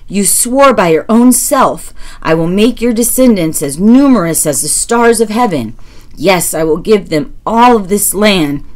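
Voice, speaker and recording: A woman reading scripture aloud in a steady, measured way, lifting her voice for the quoted speech. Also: fairly low pitch. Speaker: Bible reader.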